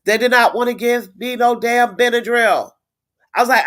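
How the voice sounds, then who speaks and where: A woman's voice: a little high, fairly even intonation, moderate pace, fairly bright tone. A middle-aged woman talking straight to her live viewers in a blunt, indignant way. She swears freely and doubles up words for emphasis. She stops now and then to read and answer comments. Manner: repeats words, reads viewer comments aloud. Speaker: livestream host. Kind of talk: casual live-stream chat.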